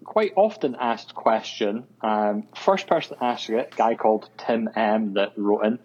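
Here the Scottish guest, a web designer, talks casually on a podcast, his speech hesitant and packed with ums and uhs. The voice is lowish and a little mellow, moving a little slowly, and the audio is muffled.

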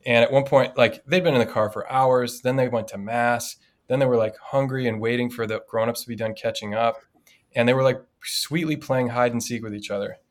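A man's voice: mid-range voice, fairly quick. A man, a priest co-hosting a podcast, telling a personal story in a casual, reflective way. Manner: storytelling, reflective, animated in anecdotes. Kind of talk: casual conversation.

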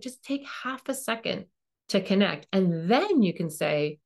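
Podcast host lady giving parenting advice, gravelly voice, earnest and emphatic. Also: medium pitch, animated, unhurried. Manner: earnest, coaching tone, acts out parent and child lines; emphatic repetition. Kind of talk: advice monologue.

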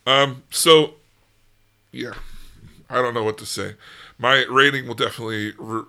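A man's voice: mid-range voice, steady tone, normal speed, pushed and bright. A man co-hosting a casual book podcast, chatty and laughing often. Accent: American. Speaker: podcast co-host. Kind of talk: casual book-club chat.

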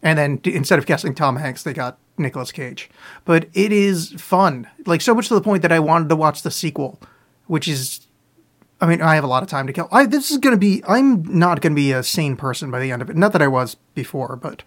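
A man with a slightly high voice chats on a live podcast stream, with a sore throat. He rambles from one listener question to the next, swears freely and mocks himself as he talks. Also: expressive, brisk, a bit bright. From US East Coast. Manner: rambling, profane, self-mocking. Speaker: podcast host. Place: home, live on video stream.

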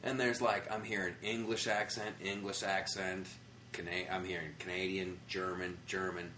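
An American man, a comedian, telling travel stories in a casual interview, animated and profane, acting out the people he quotes. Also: deep voice, moderate pace, reverberant, slight background noise. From United States. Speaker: comedian guest. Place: comedy club after a show.

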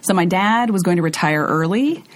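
A middle-aged woman from Montana, a guest author chatting candidly and telling animated stories in a casual conversation. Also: lowish voice, normal speed.

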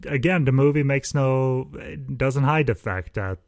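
A man talks through a film in a casual podcast chat, halting and full of "uh" fillers. His humor is dry and understated. His voice sits at an ordinary middle pitch, and the recording is close and dry with no room sound. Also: no echo. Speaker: podcast co-host, film reviewer.

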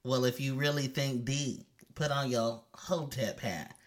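A woman's voice: a bass voice, fairly even intonation. A woman co-hosting a podcast, chatting casually with her partner and teasing her playfully. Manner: teasing, playful, quick to deny. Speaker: podcast co-host. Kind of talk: casual chat between partners.

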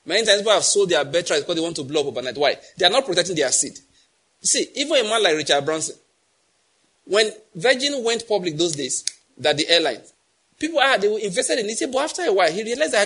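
A man's voice: sits high, sing-song, fast, fairly bright tone, breathy edge. A middle-aged man with a Nigerian accent preaching a sermon, emphatic and quizzing the congregation with repeated questions. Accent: Nigerian English. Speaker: pastor.

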